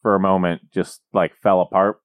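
A man co-hosting a podcast in casual comedic chat, teasing his partner with dry banter, in a small dark room. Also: deep voice, little pitch movement, moderate pace, dry recording, narrow, tinny audio. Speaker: podcast co-host.

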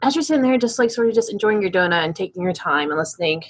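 A woman's voice: mid-range voice, expressive, racing, breathy edge. A woman narrating as game master of a tabletop game, casual with lots of fillers.

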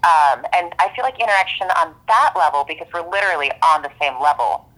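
A woman's voice: deep voice, lively intonation, fast, a bit bright, low-quality recording. A woman comedy performer chatting in an interview, jumping in with many ums. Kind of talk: casual interview chat.

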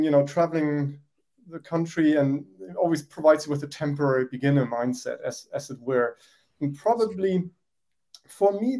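A man's voice: a little high, warm tone. A man co-hosting a political chat show, talking reflectively and rambling with restarts. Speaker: podcast co-host.

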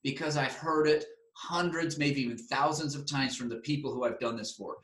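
Energetic man in a roomy space. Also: mid-range voice, normal speed. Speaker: seminar host. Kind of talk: enthusiastic promotional chat. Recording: roomy echo.

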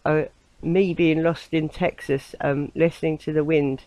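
A woman's voice: sits low, fairly even intonation, moderate pace, darkish tone, poor audio. An English woman hosting a spiritual radio show, talking in a casual, meandering way with many fillers and a ready laugh. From England. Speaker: host. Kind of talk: casual rambling radio monologue.

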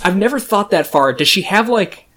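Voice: mid-range voice, lively intonation, normal speed, a bit bright. A player in a casual tabletop role-play, blunt and joking, swearing freely.

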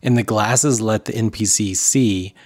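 A man's voice: lowish voice, steady tone, a little slow. A man co-hosting a casual talk show, opinionated and talkative, often acting out other people's lines. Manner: opinionated, talkative, acts out quotes. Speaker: podcast co-host. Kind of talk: casual chat.

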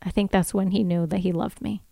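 A woman's voice: medium pitch, steady tone, fairly quick, vocal fry, warm tone, no echo, clean studio sound. A woman co-hosting a podcast, chatting casually about TV and teasing her co-host with blunt, laughing remarks. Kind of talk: casual chat about TV episodes.

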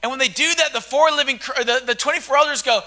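A male preacher with a very high, bright voice, delivering an impassioned sermon. He swings between hushed, intimate lines and loud shouting. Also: fast.

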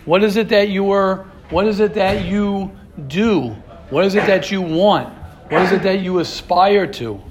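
A man's voice: high-pitched, a little slow, noisy background. A man teaching an informal Torah class, firing off repeated rhetorical questions and restarting his sentences.

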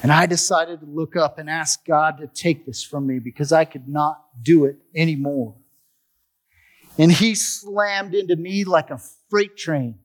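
A man shares his personal recovery testimony, telling the story expressively and performing the dialogue himself. His voice is on the high side and his pace a little slow.

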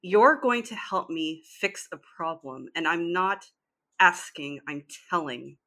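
A grown daughter bristling with cold anger, cursing and issuing orders to the mother who left, as a woman plays her in a tabletop game. She speaks slowly, her tone bright and sharp. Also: fairly low pitch, animated, heavily acted. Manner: blunt, cold, swearing.

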